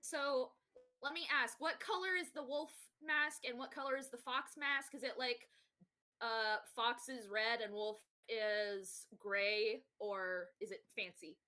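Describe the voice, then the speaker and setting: A woman's voice: a little high, fairly even intonation, unhurried, sharp tone. A woman player in a tabletop game, chatty and asking questions. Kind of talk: casual tabletop play.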